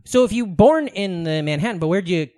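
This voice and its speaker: A man co-hosting a podcast, joking crudely and teasing his guest with loud bursts of laughter. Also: high voice, animated, a little fast. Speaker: podcast co-host. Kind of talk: casual comedy chat.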